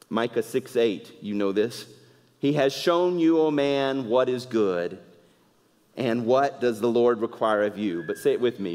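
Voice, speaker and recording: A male pastor preaching a sermon, swinging between loud emphatic lines and quiet conversational asides. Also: mid-range voice, long reverb tail. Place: church sanctuary.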